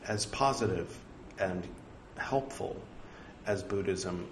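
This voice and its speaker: A man with a low voice reads scripture slowly, pronouncing the punctuation aloud and stopping for joking, apologetic, self-mocking comments. The room is echoey, with faint ambient noise.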